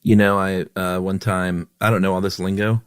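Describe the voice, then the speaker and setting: A man's voice: deep voice, flat delivery, normal speed, clear, resonant tone, dry recording, clean studio sound. A man co-hosting a podcast, chatting casually as an easygoing, rambling storyteller. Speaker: podcast co-host. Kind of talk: casual chat.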